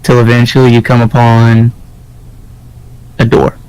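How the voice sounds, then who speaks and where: Gravelly, slow man narrating a game. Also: mid-range voice, level tone, darkish tone, dry recording, low-quality recording. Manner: hesitant, filler-heavy improvised narration. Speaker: game master.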